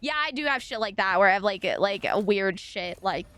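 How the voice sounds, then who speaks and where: A woman's voice: mid-range voice, animated, fairly bright tone, clean tone. A woman from Washington State with a local accent, chatting and rambling to her viewers on a casual gaming stream. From Washington State, USA. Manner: rambling, chatty, quick asides to chat. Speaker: live streamer.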